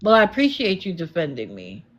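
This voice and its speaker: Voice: medium pitch, wildly swooping pitch, fairly quick, a bit bright, highs cut off. A livestream host talking back to viewers in the comments, challenging and sarcastic.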